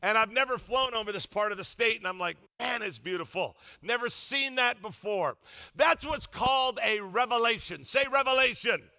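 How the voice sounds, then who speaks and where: Older man, pastor; humorous sermon storyteller, strong bright voice. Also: high-pitched, moderate pace. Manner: humorous storytelling, animated, loud emphatic bursts.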